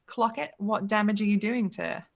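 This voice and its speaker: A woman's voice: medium pitch, normal speed, vocal fry. A woman narrating as game master of a tabletop game, upbeat and swearing freely, with plenty of ums.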